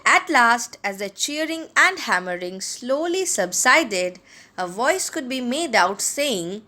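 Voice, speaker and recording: Slow, expressive woman reading a storybook. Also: a little high. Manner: expressive, measured reading aloud. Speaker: audiobook narrator. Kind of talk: storybook reading of a classic novel.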